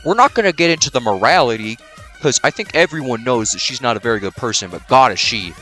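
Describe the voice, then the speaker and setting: A man chatting through a game playthrough with casual, swear-heavy jokes, his voice bright and bouncing across a wide range. Faint music runs behind him. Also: medium pitch, animated, quick pace. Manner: casual, profane, joking. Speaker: let's play host. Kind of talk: let's play commentary.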